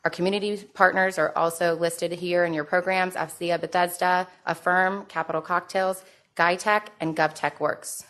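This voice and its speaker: A woman emceeing a conference, reading announcements and a speaker introduction in a steady, formal way. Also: lowish voice, normal speed. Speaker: event emcee.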